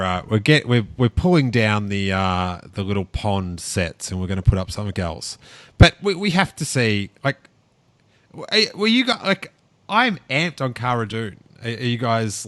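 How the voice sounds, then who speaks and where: A man hosting a casual podcast chat, excitable and playful, often restarting his sentences. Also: lowish voice, measured pace. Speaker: podcast host.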